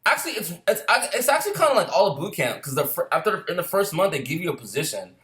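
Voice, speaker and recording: A man's voice: sits high, big pitch swings, quick pace, fairly bright tone. A man casually telling a long, rambling story, swearing often and laughing between lines. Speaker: storyteller recalling boot camp.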